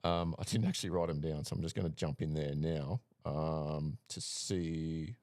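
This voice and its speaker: A man co-hosting a casual podcast, running through names and betting odds in a relaxed way with frequent fillers. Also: rumbling low, normal speed, dry recording, clean studio sound. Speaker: podcast co-host giving betting picks.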